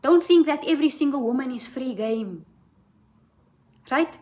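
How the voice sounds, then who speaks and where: A woman's voice: high-pitched, measured pace, a little mellow. A woman giving a tarot reading as a blunt, profane, impassioned rant, asking "right?" again and again. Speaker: tarot reader.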